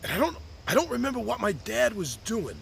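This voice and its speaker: A man's voice: extremely high pitch, very animated, fairly quick, vocal fry, a little hiss or hum. A man speaking a heartfelt open letter on his podcast, reflective and earnest, sometimes restarting his sentences. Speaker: podcast host writing to his birth mother. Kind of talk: personal open-letter monologue.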